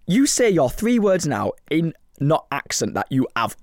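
A man co-hosts a podcast in easy casual chat. His voice swings widely in pitch as he teases and laughs. The sound is close and dry. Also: sing-song, moderate pace, hardly any pauses, dry recording. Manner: playful, laughing, teasing. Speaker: podcast co-host.

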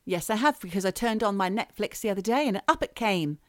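A woman's voice: mid-range voice, lively intonation, fast, no room sound, clean studio sound. A woman co-hosting a podcast, chatting casually with playful, teasing reactions. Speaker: podcast co-host.

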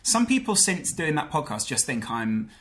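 A man's voice: on the high side, big pitch swings, moderate pace, a bit bright. A man in his twenties, a podcast guest chatting casually and joking, laughing easily. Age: 20s. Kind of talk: casual chat.

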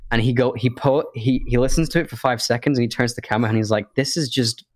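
A man's voice: mid-range voice, fairly even intonation, racing, darkish tone, no room sound, studio quality. A man co-hosting a podcast in casual chat, rambling and thinking aloud with many restarts and fillers. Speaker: podcast co-host.

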